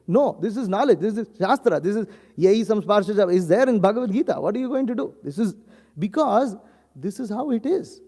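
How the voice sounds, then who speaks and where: A man's voice: sits high, animated, a little fast, mellow. A man giving a scripture class, reciting verses and then translating and explaining them. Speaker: preacher. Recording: long hall reverb.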